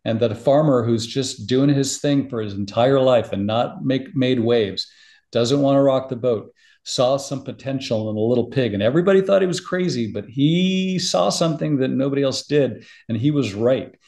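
A middle-aged man, a podcast guest, talking in casual interview chat with an emotional, animated storytelling manner. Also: medium pitch, moderate pace.

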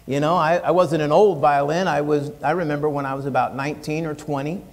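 An American man preaching a sermon from the pulpit in an earnest, folksy manner, sometimes slowing into drawn-out, emphatic lines. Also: on the high side, steady tone. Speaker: pastor. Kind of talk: sermon with a read-aloud poem. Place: church sanctuary, speaking from the pulpit. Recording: long church reverb.

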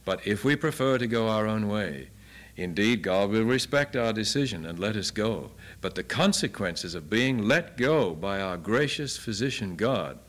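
A man's voice: lowish voice, a bit bright. An older man giving an earnest Bible lecture, asking many rhetorical questions. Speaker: Bible teacher.

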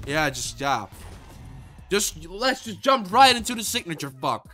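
A young man commentating his own gameplay, swinging between frustrated shouts and low muttering, swearing often. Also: very animated, unhurried, soft background music. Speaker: gaming YouTuber.

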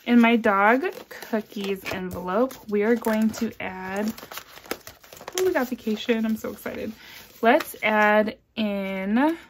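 A woman vlogging about her budget, counting cash aloud in a soft, low murmur and chatting in an upbeat way between counts. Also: slow pace, a little hiss or hum. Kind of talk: casual cash-stuffing vlog.

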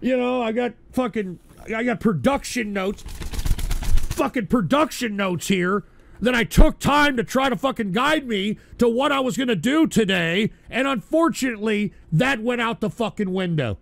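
A man's voice: very high voice, expressive, normal speed, vocal fry, fairly bright tone, no echo. A man hosting a live online radio show, ranting in exasperation and swearing at his chat. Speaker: livestream radio show host. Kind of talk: profane live stream rant.

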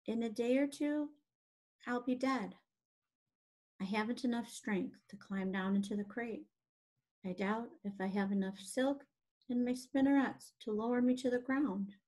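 A woman voicing a wise, gentle female spider in a storybook, speaking in a calm, measured way. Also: a little high. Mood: quiet.

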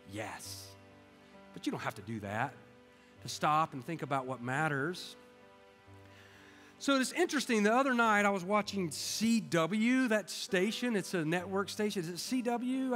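Pastor, 50s, higher voice, chatty storytelling sermon, church hall reverb, faint music underneath. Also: male voice, expressive. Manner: conversational storytelling with quick asides to the congregation. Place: church sanctuary. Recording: live church sound with long reverb and soft music.

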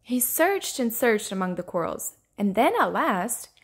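A woman reading a children's storybook aloud in an expressive, storybook way. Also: medium pitch, measured pace, husky. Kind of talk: children's read-aloud narration.

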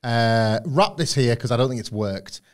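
A man's voice: medium pitch, expressive, normal speed. Rambling, jokey British man in his thirties. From United Kingdom. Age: 30s. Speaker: podcast co-host. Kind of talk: casual chat.

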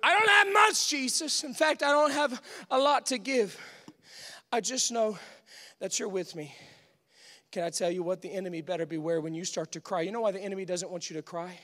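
A man preaching a Pentecostal sermon in a church, swinging from hushed pleading to full shouts. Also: sits high, fairly quick. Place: church sanctuary.

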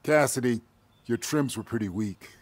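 An actor voicing a gruff, no-nonsense farm boss handing out pay in a video game. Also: male voice, medium pitch, moderate pace, no echo, lightly acted. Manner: blunt, businesslike.

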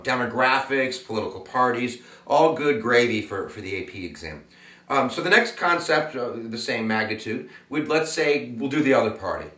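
A man's voice: medium pitch, fairly bright tone, reverberant, recorded from a distance. A man giving a casual, jokey classroom lecture with plenty of fillers. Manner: chatty, jokey, full of fillers. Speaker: teacher.

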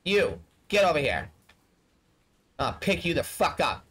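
A man's voice: fairly high pitch, sing-song, measured pace, fairly bright tone, slightly rough. A man giving casual let's-play commentary, blunt and talking straight to the game characters. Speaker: gaming streamer.

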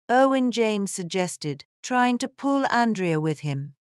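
A woman narrating a scripted story in a steady, even way. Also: on the low side, unhurried, hardly any pauses, clear, resonant tone, dry recording, clean studio sound.

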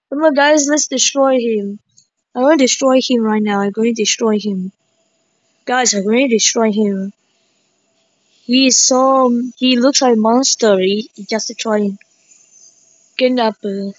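A woman giving excitable gameplay commentary, full of sudden exclamations. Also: fairly high pitch, slow pace, long pauses, dry recording. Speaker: gaming streamer. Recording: slightly dull lo-fi mic.

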